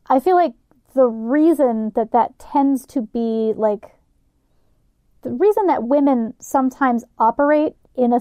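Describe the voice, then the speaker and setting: A woman hosting a podcast, chatting candidly and thinking out loud with plenty of "like"s and the odd swear. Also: fairly high pitch, no room sound. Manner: candid, profane, thinks aloud with many "like"s. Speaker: podcast host. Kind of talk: casual podcast chat.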